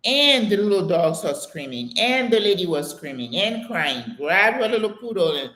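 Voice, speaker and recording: Reading viewer comments aloud on her live Q&A stream, an older woman from the United States tells stories with exclamations and laughter in a chatty, animated style. She has a fairly low pitch and speaks at a normal speed, and the room sounds echoey.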